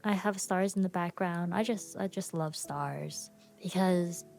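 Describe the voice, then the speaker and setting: A woman host rambles in a slow, dreamy way, filling pauses with ums. Her voice sits fairly low and has a gravelly fry. Soft music plays faintly behind her. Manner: dreamy, musing, many fillers. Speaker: podcast host. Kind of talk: casual solo rambling.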